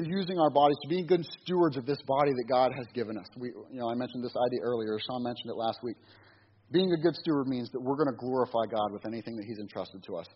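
A middle-aged man with a mid-range voice gives a casual, rambling sermon as a church speaker, folksily restarting and repeating words. The lo-fi recording is dull, with faint hiss.

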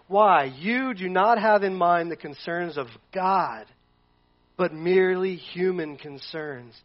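A high-voiced male pastor delivers a sermon in a loose, conversational way. He throws in jokey asides as he goes. The recording sounds dull and lo-fi. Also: lively intonation, moderate pace.

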